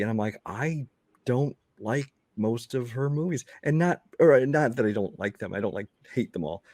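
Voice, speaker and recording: A man co-hosting a podcast, chatting casually about films in a measured, agreeable way. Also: medium pitch, darkish tone, no room sound, studio quality. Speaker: podcast co-host. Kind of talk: casual film discussion.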